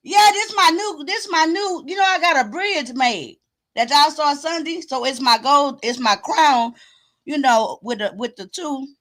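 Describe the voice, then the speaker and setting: Loud, whooping high-voiced woman streamer. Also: measured pace. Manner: loud, exclamatory and preachy, with whooping and cursing. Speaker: live-stream host. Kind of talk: casual live-stream talk to viewers.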